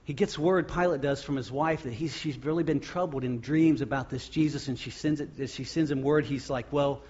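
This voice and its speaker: A man preaching a sermon as pastor, acting out the crowd's shouts and the quoted words. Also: medium pitch, moderate pace, husky, dull audio.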